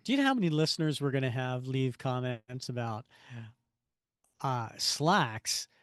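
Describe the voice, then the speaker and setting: A man's voice: medium pitch, unhurried, smooth, no room sound, studio quality. A man co-hosting a podcast, chatting casually and playfully about comics and acting out scenes as he goes. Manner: animated, playful, acts out scenes. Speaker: podcast co-host.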